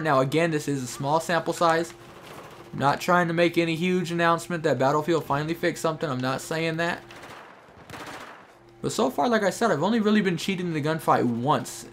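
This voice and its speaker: Young male streamer, slightly high voice, loose running commentary over faint gunfire. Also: slight background noise. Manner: chatty, talks to teammates and viewers while playing. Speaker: gameplay streamer. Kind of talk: casual gameplay commentary. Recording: faint game gunfire behind.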